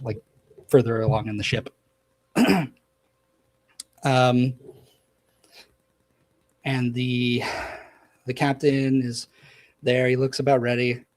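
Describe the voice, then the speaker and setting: A man's voice: mid-range voice, darkish tone, husky, poor audio. A man narrating as game master in a casual tabletop session, with lots of fillers.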